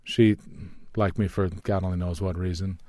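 A man's voice: low voice, level tone, normal speed, warm tone, no room sound. Dry-humored man hosting a food show. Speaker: radio show host. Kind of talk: casual food chat.

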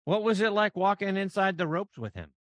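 A man's voice: high-pitched, expressive, fairly quick, fairly bright tone, dry recording. A man hosting a golf podcast, asking a guest prepared questions. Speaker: podcast host. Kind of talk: interview questions.

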